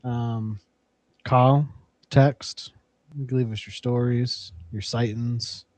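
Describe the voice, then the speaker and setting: A man co-hosting a casual podcast, reading plugs and trivia in an upbeat announcing way. His voice sits at an ordinary middle pitch, and the recording is dry and close. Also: fairly even intonation, slow, a little mellow, no echo. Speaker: podcast co-host.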